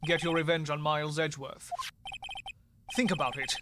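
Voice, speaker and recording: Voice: medium pitch, fairly even intonation, normal speed, very noisy, natural voice. A gamer reading as a brooding prosecutor. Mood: grave. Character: brooding male prosecutor narrating inner thoughts. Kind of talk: live game voicing.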